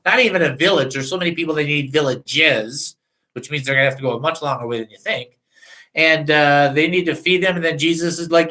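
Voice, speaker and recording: A man's voice: on the high side, fairly quick, bright, forceful tone, low-quality recording. A man hosting a radio show, teaching from the Bible in a candid, self-deprecating, chatty way.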